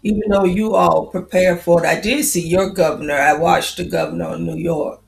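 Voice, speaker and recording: A woman's voice: lowish voice, steady tone, moderate pace, gravelly, roomy sound, soft background music, low-quality recording. A woman in her fifties chatting casually on a livestream, greeting viewers by name. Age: 50s. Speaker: livestream host.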